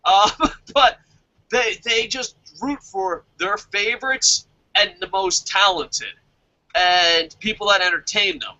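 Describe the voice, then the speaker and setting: A man co-hosting a wrestling podcast, talking excitedly in casual chat, swearing constantly and laughing often. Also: sits high, slow, highs cut off. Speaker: podcast co-host reviewing a wrestling show. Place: lives in Japan.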